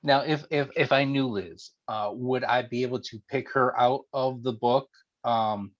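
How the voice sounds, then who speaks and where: A male interview host asks his questions in a rambling way, restarting and rephrasing them as he goes. His voice sits at an ordinary pitch for a man. The recording sounds dull and lo-fi. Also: fairly even intonation, a little slow. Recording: dull lo-fi audio.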